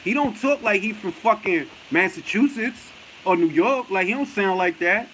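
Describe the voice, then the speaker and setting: A man with a high voice for his sex hosts a boxing talk show, ranting with animated energy. He swears freely and hammers his points home by repeating them. A faint hiss runs under the voice. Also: normal speed, rough recording. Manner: animated, profane, emphatic repetition. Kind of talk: casual chat, heated rant.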